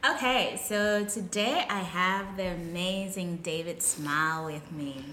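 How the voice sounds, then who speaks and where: A woman with a lowish voice speaks slowly over music as she hosts a casual podcast interview. Upbeat and enthusiastic, she asks friendly questions and says "awesome" a lot. The recording has a roomy echo and faint noise.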